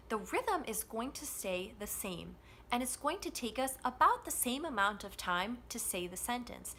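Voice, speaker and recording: Slow, bright-voiced woman English teacher. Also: a little high, a little hiss or hum. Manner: slow, deliberate, exaggerated modeling of stress. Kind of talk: pronunciation lesson.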